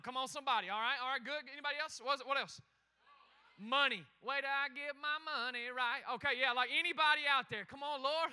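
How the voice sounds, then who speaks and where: A man preaching a lively interactive sermon, calling out to the congregation and talking quickly and chattily. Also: very high-pitched, smooth. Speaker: pastor. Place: church sanctuary.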